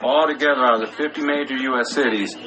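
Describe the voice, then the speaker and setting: A man's voice: medium pitch, fairly even intonation, quick pace, crowd noise, poor audio. Rambling man chatting on a podcast. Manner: rambling, many restarts, smoking while talking. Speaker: podcast co-host. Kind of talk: casual chat.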